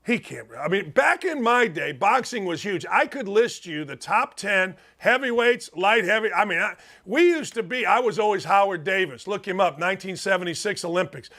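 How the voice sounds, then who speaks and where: An older man from Indiana hosting a sports talk show, his voice high and bright. He talks in an emphatic, folksy way and keeps wandering off on tangents. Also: animated, moderate pace, few pauses. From Gary, Indiana.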